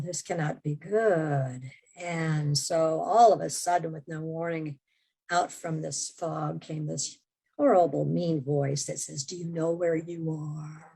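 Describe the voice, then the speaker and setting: A woman guest on an interview podcast, telling a personal story in a lively conversational way, sometimes dropping to a hushed voice. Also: low-pitched, gravelly, slightly rough. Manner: animated storyteller, drops to hushed tones. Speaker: memoir author and interview guest.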